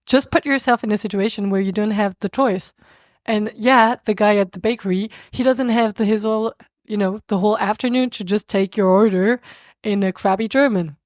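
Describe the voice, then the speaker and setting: A young French woman appears as a podcast guest in a casual conversational interview, chatting animatedly, laughing often and frequently restarting her sentences. Her mid-range voice has a darkish tone and a moderate pace. The recording is studio quality, with no echo.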